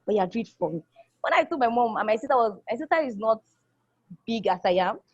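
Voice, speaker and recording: In a dull, dry lo-fi recording, a college-aged young woman speaks fast with a fairly high, slightly rough voice and lively intonation. Her casual testimonial is enthusiastic, full of repeated phrases and impressions of people she quotes.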